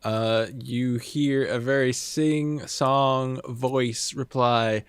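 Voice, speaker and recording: A man's voice: mid-range voice, fairly even intonation, very slow, clear, resonant tone, no room sound. A man running a tabletop game as game master, narrating in a chatty way with laughing asides.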